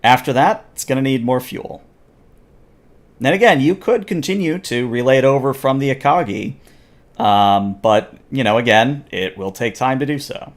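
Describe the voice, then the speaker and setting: A man's voice: medium pitch, moderate pace. A man narrating as game master in a casual online tabletop session. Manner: relaxed, describes scenes and voices characters.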